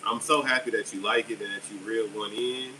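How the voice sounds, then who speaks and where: A man's voice: lowish voice, quick pace, recorded from a distance. Upbeat man chatting on a live stream. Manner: chatty, upbeat, reads out viewers' comments. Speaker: livestream host selling fishing jigs. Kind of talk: casual live-stream chat. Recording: steady air conditioner hum behind.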